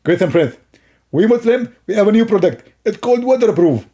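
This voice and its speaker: A man's voice: sits high, expressive, brisk, warm tone, voice pushed up. A man voicing a boastful, dim-witted male caller who eagerly agrees with everything. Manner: eager, overconfident, repeats "exactly".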